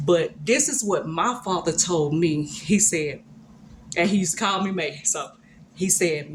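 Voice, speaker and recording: A woman's voice: lowish voice, measured pace, a little hiss or hum. A woman giving a casual devotional talk, retelling a Bible story in a colloquial, conversational way. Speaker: speaker sharing a devotional.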